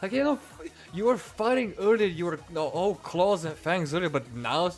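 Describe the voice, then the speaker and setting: A man's voice: high voice, expressive, moderate pace, soft background music. A man reviewing comics in a profane, exasperated and sarcastic rant.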